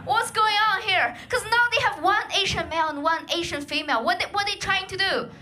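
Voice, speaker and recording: Bright high Chinese-accented woman comic. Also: a little fast, slight background noise. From China. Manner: animated, lively voice acting of others. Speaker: stand-up comedian. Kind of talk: stand-up comedy set. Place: comedy club stage.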